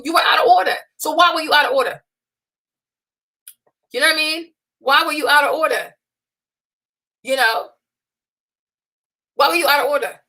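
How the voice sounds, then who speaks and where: A young woman with a high, bright voice hosts her own talk stream. She lectures bluntly and scolds her listeners, launching into animated rants and mocking the people she quotes. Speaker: host. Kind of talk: unscripted opinion livestream.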